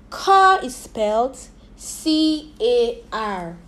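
A woman English teacher leading a phonics lesson for young children, slowly sounding out and spelling words for them to repeat. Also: fairly high pitch, expressive. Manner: slow, drilled repetition of sounds and spellings.

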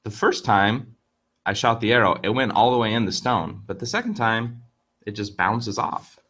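Guy doing a confused young archer in a fable, kinda low, wondering out loud. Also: expressive, normal speed. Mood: puzzled. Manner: musing, questioning. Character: puzzled young male archer, doubting himself.

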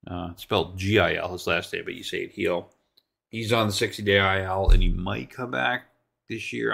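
A man hosts his own sports talk show, speaking low and gravelly with plenty of vocal fry. He runs through bad news in a blunt, exasperated way, turning sarcastic and swearing without holding back. The delivery is unscripted solo commentary. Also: fairly bright tone. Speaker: sports talk podcast host.

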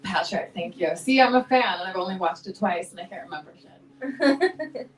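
A woman singer-songwriter banters with her crowd between songs in a small venue, quick to joke at her own expense and laugh. Her voice is captured from some distance, with the room's echo around it. A guitar sounds faintly behind her. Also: mid-range voice, animated. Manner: chatty, joking, self-mocking, laughs often. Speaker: singer-songwriter performing live. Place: small live music venue. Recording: echoey room recording from afar.

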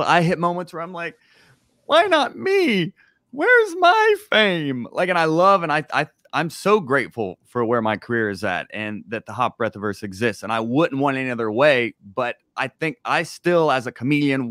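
A man's voice: a little high, fairly bright tone, dry recording, clean studio sound. A man hosting an interview, a working comedian who talks candidly and reflectively with lots of fillers. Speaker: host, comedian. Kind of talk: casual interview chat.

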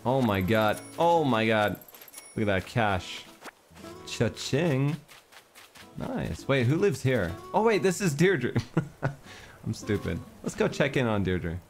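Excitable, playful male streamer. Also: medium pitch, unhurried, soft background music. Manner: excitable, playful, reads game text aloud. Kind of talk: casual gameplay chat.

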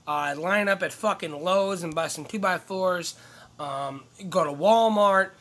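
Profane, bright-voiced ranting comedian man. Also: sits high. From upstate New York. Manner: swearing, rambling, heated. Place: in or near a truck.

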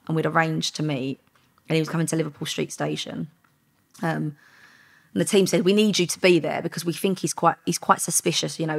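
Woman, ex undercover cop, really low husky voice with a gravelly edge, tells it animated like. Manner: animated storyteller, acts out quoted exchanges. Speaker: former undercover police officer, podcast guest. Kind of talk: casual storytelling interview.

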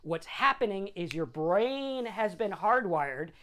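A middle-aged man gives an informal motivational talk about recovery from drinking. He speaks conversationally and often ends a point with a quick "right?" to check in with the listener. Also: high voice, big pitch swings, fairly bright tone. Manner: conversational, tags lines with "right?". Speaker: sobriety talk host.

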